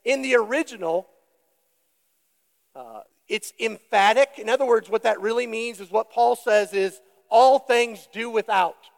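A male pastor preaching a sermon, deliberate and emphatic, putting questions to the congregation. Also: high-pitched, lively intonation, creaky, in a large hall.

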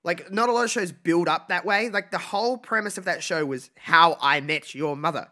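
A man co-hosting a casual podcast, his voice fairly high-pitched and very bright. He talks emphatically and reacts readily to his co-host. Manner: emphatic, quick to laugh and react. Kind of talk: casual chat.

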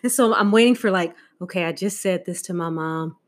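A woman's voice: lowish voice, fairly quick. Woman, middle-aged, heartfelt storytelling, candid, laughing, acts out quotes. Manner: candid, laughing often, acting out quoted voices. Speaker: guest sharing a Mother's Day tribute.

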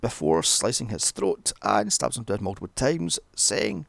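Brief: British man, sarcastic profane recapper, very lively swooping delivery, dry close sound. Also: medium pitch, moderate pace, vocal fry, hardly any pauses, no echo. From Britain. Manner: sarcastic, profane, wandering asides. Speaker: film reviewer. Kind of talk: sweary comedic movie recap.

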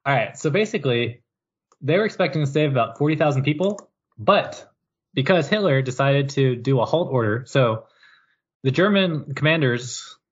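A man's voice: medium pitch, lively intonation, moderate pace, slightly rough, dull audio. A man co-hosting a podcast, casually recapping history with jokes and mock quotes. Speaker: podcast co-host. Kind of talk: casual chat.

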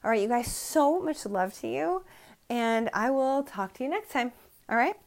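A woman's voice: fairly high pitch, animated, moderate pace, creaky. A middle-aged woman hosting a solo motivational podcast from her bedroom, preaching with emphatic repetition and sounding emotionally drained. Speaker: podcast host.

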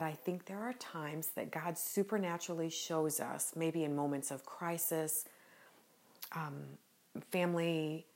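A woman with a low voice hosts a devotional podcast. She talks slowly and gently with an earnest warmth, and a smile can be heard in her voice. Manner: gentle, unhurried and earnest, smiling as she speaks. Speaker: podcast host.

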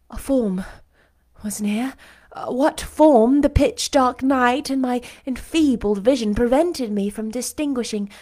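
A woman narrating a classic novel in the first person, expressive and emotional. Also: fairly high pitch. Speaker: audiobook narrator. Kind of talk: expressive literary reading.

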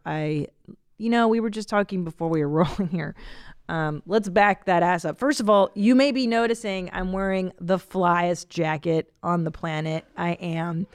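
A woman's voice: lowish voice, creaky, darkish tone, no echo, clean studio sound. A woman in her forties hosting a podcast, talking in a chatty, rambling, self-deprecating comic way. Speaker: podcast host. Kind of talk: casual comedic monologue.

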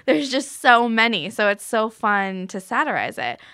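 A woman's voice: a little high, very animated, moderate pace, sharp tone, clear, resonant tone, no room sound, clean studio sound. A woman hosting an interview, chatty and full of filler words. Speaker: podcast host. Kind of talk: casual interview chat.

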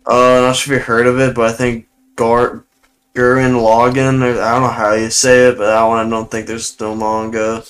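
A man's voice: mid-range voice, completely flat delivery, moderate pace, fairly bright tone, poor audio. A young man co-hosting a podcast, laid-back and rambling, swearing casually. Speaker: podcast co-host. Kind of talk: casual chat.

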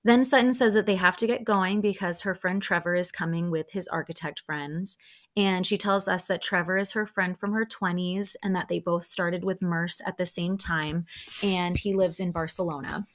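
A woman's voice: lowish voice, fairly even intonation, normal speed. A woman hosting a podcast, casually recapping a reality show with frequent laughs and asides to her listeners.

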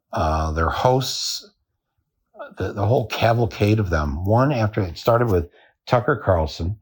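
A man hosting a podcast, delivering a satirical comic monologue in a dry, deadpan way. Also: on the low side, husky. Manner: dry, deadpan telling with chuckles. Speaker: podcast host.

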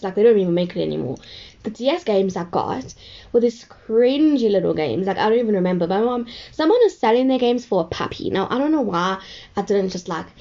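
Girl rambling thru a story, says like a lot, warm low-key tone, kinda muffled audio. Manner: rambling, chatty, heavy use of "like". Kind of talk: casual storytelling.

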